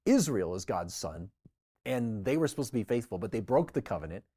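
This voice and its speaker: A man's voice: fairly low pitch, big pitch swings, brisk, warm tone. A man co-hosting a Bible study discussion, explaining scripture casually and acting out how listeners would react. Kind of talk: teaching discussion.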